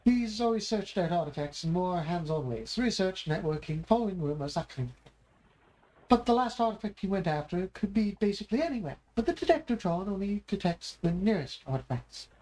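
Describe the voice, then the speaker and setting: A man voicing an earnest young woman inventor who explains things quickly, while reading game dialogue aloud. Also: high-pitched, animated, darkish tone, poor audio.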